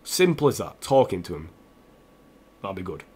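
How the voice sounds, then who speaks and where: A young man, a gaming streamer, talking earnestly and haltingly to his viewers while close to tears. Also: low voice, big pitch swings, darkish tone, breathy edge. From England. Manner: earnest, halting, with restarts and repeated phrases. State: tearful, close to crying. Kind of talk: emotional personal address to stream viewers.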